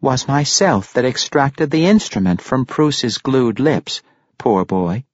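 A man's voice: mid-range voice, lively intonation, takes it slowly, no echo, highs cut off. A man voicing a nervous, stammering woman fishmonger who defers to a powerful customer in an audiobook.

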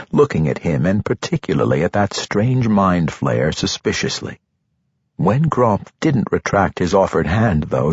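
A man reading a fantasy novel as an audiobook narrator, measured and expressive, in a dull, dry recording. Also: low voice, husky, no echo.

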